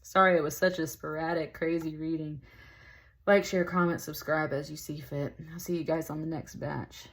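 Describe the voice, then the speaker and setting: A woman with a low-pitched voice talks through a tarot reading in a loose, rambling way. She sounds emotional and slightly tearful, and she keeps dropping in "like" and "y'all" as she goes. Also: steady tone, normal speed. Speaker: tarot reader. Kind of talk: casual spoken tarot reading.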